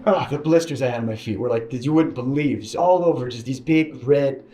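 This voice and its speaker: Halting man with an echoey sound. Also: warm tone. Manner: halting, many restarts, mimics others in higher voice. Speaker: interview guest. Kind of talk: emotional personal account. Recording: echoey room with faint hiss.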